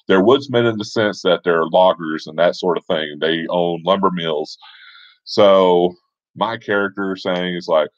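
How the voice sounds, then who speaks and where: A man casually telling a tabletop game story, with relaxed asides and fillers. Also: deep voice, dry recording, highs cut off.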